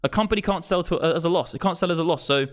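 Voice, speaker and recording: Talking very fast in a slightly high voice, an English crypto streamer around thirty vents on a live stream. He's fed up and swearing about money and prices.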